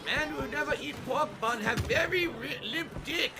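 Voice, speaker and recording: A man's voice: very high-pitched, normal speed, heavy background noise, pitched above the performer's own voice. A man voicing a mocking older game director with an exaggerated put-on Japanese accent, cackling and speaking in broken grammar. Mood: boastful.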